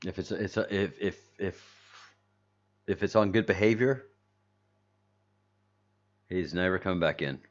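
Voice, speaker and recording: A man's voice: sits low, a little slow, long pauses, highs cut off. A man hosting a casual livestream, chatting loosely with viewers and reading their comments aloud, often restarting his sentences. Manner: rambling, repeats and restarts, reads chat aloud. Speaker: channel host.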